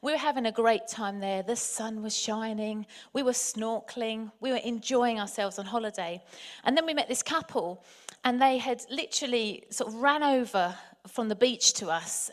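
A woman from England telling a personal story in a chatty, animated way, often turning to address her listeners directly. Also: mid-range voice. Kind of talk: anecdotal storytelling.

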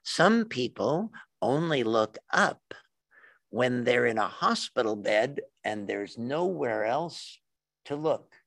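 This is a slow old pastor with a gravelly voice, put on by a man. He preaches in an unhurried, drawn-out manner. The sound is close and dry. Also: medium pitch, very animated, a bit bright, no echo, exaggerated voice. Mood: solemn. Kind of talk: sermon.

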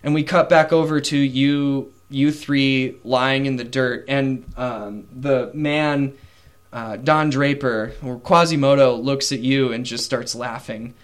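A man runs a tabletop game, narrating scenes in a casual, rambling way. His voice sits at an ordinary pitch. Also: fairly even intonation, slow pace, clean tone. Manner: casual, with fillers and voiced characters. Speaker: game master.

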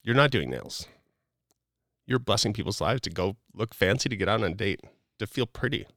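Guesting on a podcast, this middle-aged man speaks in a low, raspy voice that creaks as he talks, delivering a casual but earnest, preachy motivational message stuffed with "like." He's expressive and fairly bright in tone at normal speed, recorded dry and close without room echo.

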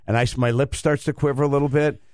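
A middle-aged man hosting a radio show, rambling and halting as he tells a story in casual banter. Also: medium pitch, steady tone, darkish tone, no echo, clean studio sound. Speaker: radio host.

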